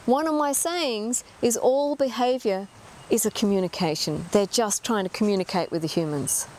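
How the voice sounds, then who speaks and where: A woman's voice: medium pitch, moderate pace, a little mellow, slight background noise. A middle-aged woman giving an earnest talk as an animal communicator, emphatic and full of rhetorical questions.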